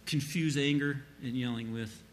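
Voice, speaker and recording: A man's voice: medium pitch, moderate pace. A man giving an informal church talk on parenting, rambling with fillers and acting out quoted parents. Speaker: church speaker answering a question. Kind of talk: informal sermon-style teaching.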